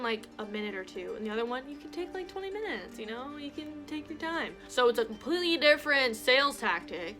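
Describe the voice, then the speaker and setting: A young woman vlogger telling a casual storytime, animated and exasperated, acting out what people said. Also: on the high side.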